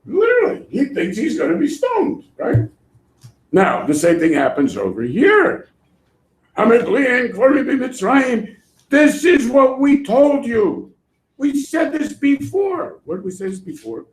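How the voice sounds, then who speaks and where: A man teaching a Torah class in an animated way, acting out voices and laughing often. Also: very high voice, a little slow. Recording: echoey room.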